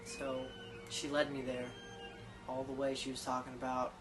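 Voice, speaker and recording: A man's voice: mid-range voice, completely flat delivery, moderate pace, over music. A man telling a comic story about himself in a casual, profane, rambling, self-deprecating way.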